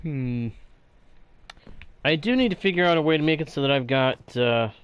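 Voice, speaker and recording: A man's voice: on the high side, lively intonation, normal speed, clean tone, dull audio. A man streaming a building game who chats playfully with viewers and mutters to himself as he works. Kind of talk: casual live-stream chat while playing.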